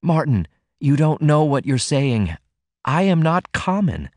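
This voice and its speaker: A man voicing a pale, ashamed young woman who speaks low, firm and deliberate. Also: big pitch swings, no echo. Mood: pleading. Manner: higher, tense, deliberate.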